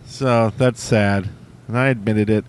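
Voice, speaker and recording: A man's voice: on the low side, fairly even intonation, measured pace, clear, resonant tone. A man hosting a podcast, chatting loosely and joking with occasional swearing. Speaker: podcast host. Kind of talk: casual podcast chat.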